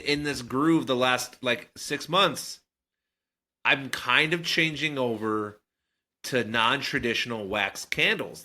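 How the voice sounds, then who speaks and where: Podcast guy, lively up and down voice, bright and punchy, jokey rambling. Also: medium pitch. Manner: animated, joking, rambling. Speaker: podcast co-host. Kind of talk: casual chat.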